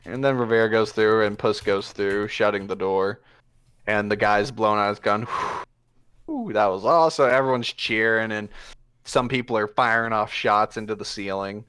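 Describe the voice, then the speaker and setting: A man's voice: fairly low pitch, moderate pace, fairly bright tone, smooth. A man narrating a tabletop game as game master, casual and profane with plenty of fillers.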